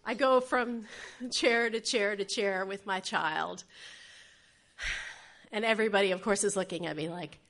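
A woman's voice: mid-range voice, measured pace, a bit bright. A middle-aged woman tells a true personal story on stage, self-deprecating and acting out the voices of others.

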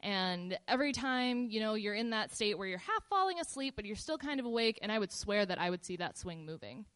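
A woman casually telling a personal story in a relaxed, meandering way, with fillers and pauses. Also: mid-range voice, clear, resonant tone.

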